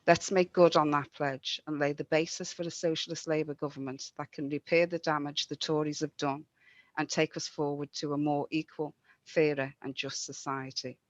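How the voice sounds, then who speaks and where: A woman's voice: low-pitched, flat delivery, normal speed, no echo. A woman giving an earnest, rallying campaign speech over a video call. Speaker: mayoral candidate. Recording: dry, dull lo-fi sound.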